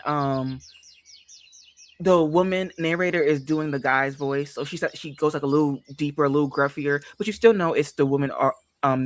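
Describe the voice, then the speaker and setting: A casual livestream host talking about books, animated and emphatic. The speaker repeats lines to drive a point home and keeps turning to the audience. The pitch sits in a middle range. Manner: emphatic, repeats phrases for effect; chatty and animated, addresses viewers directly. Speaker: book streamer.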